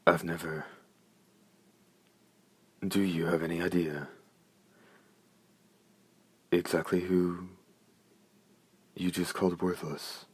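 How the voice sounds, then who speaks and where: A man's voice: low-pitched, little pitch movement, slow pace, long pauses, slightly rough, exaggerated voice. A man voicing a frightened old woman who speaks in a grave, fearful way. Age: older.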